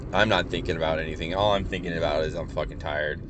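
A man's voice: a bass voice, fairly even intonation, quick pace, background noise. A young man telling a rambling, profane story in a casual, wry way from inside a car. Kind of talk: casual anecdote.

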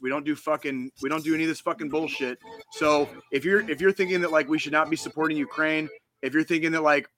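A man co-hosting a casual podcast, ranting with heated, profane energy and restarting his sentences often. His voice is bright and forceful and sits a little high for a man. Faint music plays underneath. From United States. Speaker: podcast co-host.

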